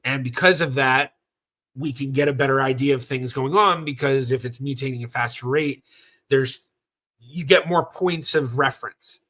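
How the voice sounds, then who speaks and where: A man's voice: mid-range voice, moderate pace, pushed and bright. A man from Southern California hosting a genealogy livestream, talking casually and rambling with fillers and self-corrections as he answers viewer questions.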